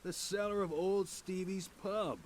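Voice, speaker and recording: A man's voice: high-pitched, steady tone, unhurried, slight background noise. A sardonic old-school fisherman. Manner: sardonic, folksy. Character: gruff middle-aged male fisherman. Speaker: game character.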